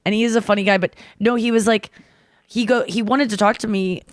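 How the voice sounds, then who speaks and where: Woman podcast host, rapid and rambling, self-mocking, dry close mic. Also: medium pitch, steady tone, no room sound. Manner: fast-talking, rambling, self-deprecating. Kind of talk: casual chat.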